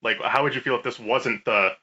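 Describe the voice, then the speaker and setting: A man's voice: medium pitch, steady tone, fairly quick, bright, forceful tone, dull audio. A man co-hosting a podcast, talking emphatically about games, swearing casually and restarting words. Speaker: podcast co-host. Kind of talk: casual gaming chat.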